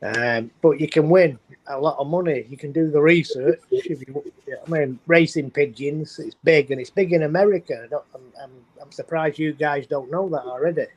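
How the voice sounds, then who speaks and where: A man's voice: a little high, moderate pace, few pauses, highs cut off. A man with an English accent chatting casually on a video call live stream, often restarting his sentences. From England. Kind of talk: casual chat.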